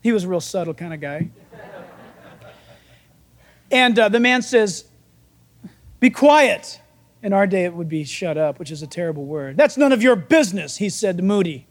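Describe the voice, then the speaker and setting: High-voiced, animated male pastor preaching. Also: normal speed, long pauses. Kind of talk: sermon.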